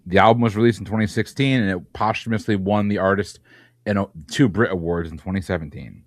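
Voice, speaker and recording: A man hosting a trivia game, reading questions briskly and teasing the players. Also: on the low side, steady tone, no echo, clean studio sound. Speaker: quizmaster.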